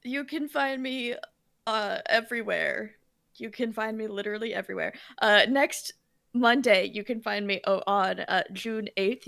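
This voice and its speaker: A woman chats in a loose, rambling way, her voice carrying a gravelly fry at the ends of phrases. Her recording is dry and close, with no room sound. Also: medium pitch, no echo. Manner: rambling, giggly, warm chatter with fillers. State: emotional, near tears. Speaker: player. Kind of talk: casual chat, plugging upcoming shows.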